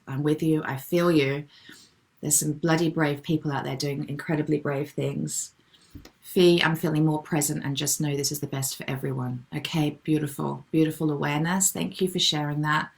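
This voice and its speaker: A middle-aged woman hosting a live online wellbeing session, gently and affectionately reading out viewers' comments and replying to them. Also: sits low, vocal fry. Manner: gentle, affectionate, calls people darling.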